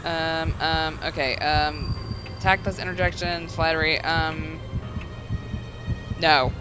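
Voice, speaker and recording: A woman's voice: deep voice, fairly even intonation, slow, over music. A woman streamer giving chatty let's-play commentary with self-deprecating asides. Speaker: gaming streamer.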